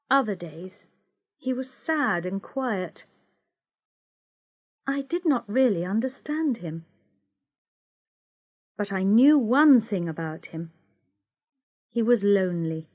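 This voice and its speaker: A woman reading a story aloud for English learners, slow, clear and expressive. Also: fairly high pitch, no echo. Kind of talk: scripted narration for English learners.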